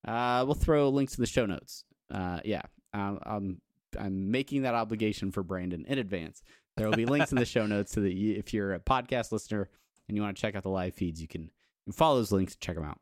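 A man's voice: on the low side, a little fast, no room sound, clean studio sound. Chatty male podcast host. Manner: chatty, self-deprecating, laughs often. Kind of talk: casual podcast chat.

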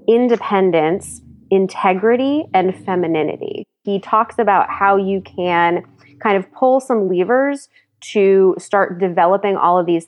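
A woman co-host laying out a book's ideas in an organized, explanatory way during casual chat. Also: fairly low pitch. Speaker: podcast co-host. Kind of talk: casual chat, summarizing a book.

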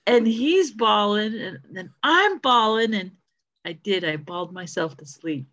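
A woman's voice: on the low side, sing-song, a little slow, fairly bright tone, no room sound, highs cut off. An enthusiastic woman in a casual book group discussion who laughs often.

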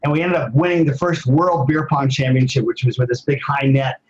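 An older man in his sixties talks as an interview guest, rambling through personal stories. His speech is full of pauses and restarts. The sound is slightly dull and muffled. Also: mid-range voice, steady tone. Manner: rambling, with many fillers and restarts. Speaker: guest, former athlete and advocate. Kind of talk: casual storytelling interview.

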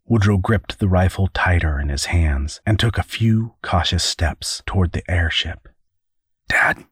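Casting: male narrator, very low husky voice, steady storytelling, dry close recording. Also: moderate pace, dry recording. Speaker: audiobook narrator. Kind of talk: scripted narration.

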